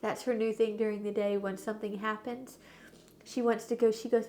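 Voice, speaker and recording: A woman hosting a family vlog as the mother, chatty and lively as she tells stories about her toddler. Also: mid-range voice, normal speed. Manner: chatty, animated, acts out her toddler's cute words. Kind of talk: casual family vlog storytelling.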